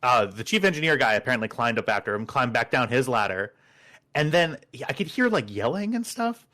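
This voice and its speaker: Lively, animated man telling a story. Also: mid-range voice, brisk. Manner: animated storyteller acting out quoted dialogue. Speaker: podcast regular. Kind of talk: casual chat, retelling a work story.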